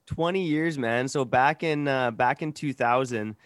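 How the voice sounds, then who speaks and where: A man from Canada co-hosting a casual podcast from home, relaxed and easygoing as he tells a story. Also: medium pitch, a little slow, smooth, no echo. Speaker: podcast co-host. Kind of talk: casual chat.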